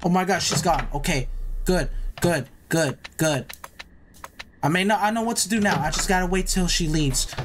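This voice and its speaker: A man's voice: sits high, normal speed, noisy background. A young man giving nervous, repetitive commentary while playing a horror game, hyping himself up. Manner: nervous, repeats himself, hypes himself up. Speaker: gaming YouTuber.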